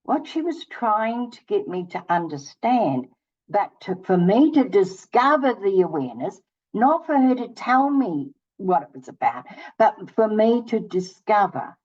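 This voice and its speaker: A woman's voice: mid-range voice, sing-song, a little slow, a little mellow, dull audio. An older woman hosting her own channel, telling a personal story casually and acting out both sides of each conversation. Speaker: channel host.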